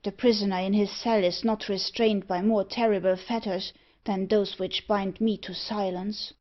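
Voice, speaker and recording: A woman reading the lines of a brooding young gentleman with a dark secret, earnest and grave. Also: medium pitch, fairly even intonation, moderate pace, highs cut off, lightly acted.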